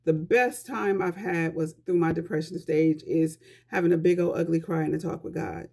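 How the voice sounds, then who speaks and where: A woman speaks straight to her viewers in a casual vlog. Her talk is earnest and conversational, and she gives life advice. Her voice has a gravelly edge of vocal fry. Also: fairly low pitch, normal speed, dark tone. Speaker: vlogger giving life advice.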